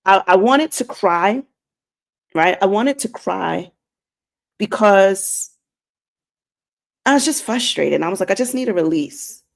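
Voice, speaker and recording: A woman's voice: medium pitch, animated, a little slow, creaky, pauses often. A woman streaming a faith-based talk to her viewers, earnest and preachy, repeating herself for emphasis. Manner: addresses viewers directly. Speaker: inspirational streamer.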